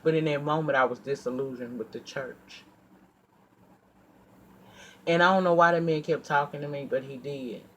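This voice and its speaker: Profane, animated storytelling man. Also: mid-range voice, moderate pace, pauses often, slight background noise. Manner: animated, profane, acts out quoted outbursts; drops to a quiet, earnest tone when reflecting. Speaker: storyteller vlogger. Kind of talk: casual storytime monologue.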